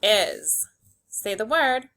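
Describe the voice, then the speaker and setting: A woman teacher leading a phonics lesson for young children, slowly sounding out words and giving simple, encouraging instructions. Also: medium pitch, big pitch swings, fairly bright tone. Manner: slow, clearly segmented sounding-out of words.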